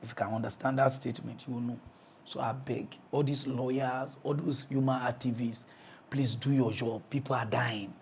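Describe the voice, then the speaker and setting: A man with a Nigerian Pidgin accent, hosting a mock news comedy show as an animated, laughing ranter who swings between shouting and muttering. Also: medium pitch, moderate pace, vocal fry, slight background noise. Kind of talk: comic pidgin rant.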